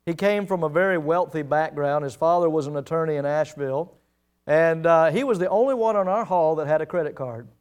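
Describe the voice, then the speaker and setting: Middle-aged guy preaching, tells stories, acts out quotes, highish clear voice. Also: a little fast. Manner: storytelling, acts out the quoted lines. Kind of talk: sermon.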